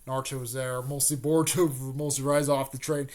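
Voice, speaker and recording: A man casually retelling a fan-made story off the cuff, rambling with many fillers and restarts and tossing in quick snippets of characters' lines. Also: medium pitch, level tone.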